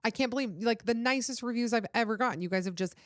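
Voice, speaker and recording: A woman's voice: a little high, fast, no room sound, clean studio sound. A young adult woman hosting a podcast, giving earnest, pleading relationship advice in casual chat, full of "like" fillers, with a runny nose. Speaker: podcast host.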